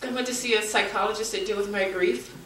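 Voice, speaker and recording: Middle-aged woman at a forum lectern, earnest and halting, picked up from across a room. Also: mid-range voice, steady tone. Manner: earnest, halting, turning forceful. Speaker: bereaved mother speaking at a forum. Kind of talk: public testimony. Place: community meeting room. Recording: echoey room, from far off, faint noise.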